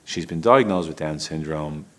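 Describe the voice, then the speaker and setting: A middle-aged father with a very deep, low voice shares a personal story about his family at a moderate pace. He talks candidly and with feeling, frequently stumbling, starting sentences over, and letting out small laughs.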